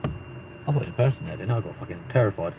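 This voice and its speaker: Low-voiced swearing London man. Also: lively intonation, quick pace, vocal fry. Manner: rambling, swears freely. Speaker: livestream host. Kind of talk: casual live stream banter. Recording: muffled lo-fi with faint noise.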